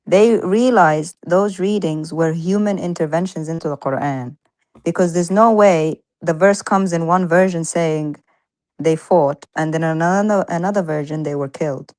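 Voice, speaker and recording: A woman with a fairly low voice joins a casual discussion. She is animated and acts out quoted speech, and her voice is recorded dry and close. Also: normal speed, dry recording. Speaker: co-host.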